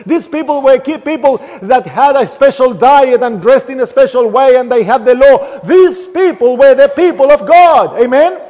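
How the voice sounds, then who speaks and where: A man preaching a sermon in a church, speaking emphatically and letting his phrases trail off softly at their ends. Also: extremely high pitch, normal speed, hardly any pauses. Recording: long hall reverb, dull lo-fi sound.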